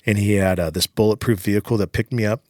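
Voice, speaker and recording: A man's voice: lowish voice, fast talker, dry recording, clean studio sound. A man, a podcast guest, telling his story in casual chat, swearing freely and acting out the lines of people in it. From United States. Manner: profane, animated retelling full of quoted dialogue.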